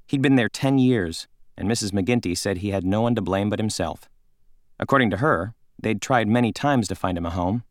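A man reading a children's novel aloud in a calm, measured narration. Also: lowish voice, dry recording, studio quality. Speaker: audiobook narrator. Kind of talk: scripted narration.

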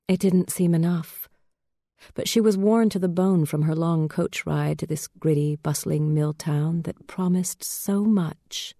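A woman reading a storybook aloud with slow, measured delivery. Her voice is low and mellow, recorded dry and close. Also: no room sound. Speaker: narrator. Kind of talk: scripted storybook narration.

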